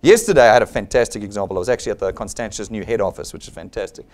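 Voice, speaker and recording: A man's voice: fairly low pitch, racing, a little mellow. A man with a South African accent giving a blunt, persuasive motivational sales seminar, acting out the people he quotes. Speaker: seminar presenter.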